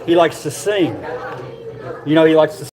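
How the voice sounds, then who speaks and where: A man's voice: a little high, moderate pace, a crowd in the background. A man giving a casual, laughing live tour of a zoo, chatty and a bit winded as he walks. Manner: chatty, laughing, repeats himself. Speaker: vlogger touring a zoo. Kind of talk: casual live-stream chat. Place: outdoors at a zoo.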